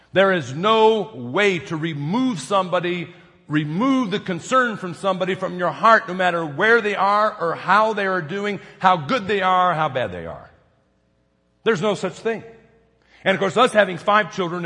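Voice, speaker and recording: A middle-aged male pastor delivers a sermon with a somewhat high-pitched voice. He tells stories and moves between hushed, quiet lines and loud, emphatic peaks. The long reverb of a large sanctuary trails behind his words. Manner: storytelling preacher, swings from soft to loud emphasis.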